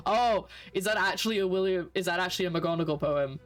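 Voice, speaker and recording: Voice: mid-range voice, quick pace, hardly any pauses, faint music behind. A streamer with a Scottish accent, chatting casually and thinking aloud while solving a puzzle in a game. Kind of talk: casual let's-play commentary.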